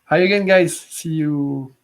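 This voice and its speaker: Chatty stream host. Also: male voice, fairly high pitch, background noise. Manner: chatty, asks many quick questions. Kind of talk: live stream chat.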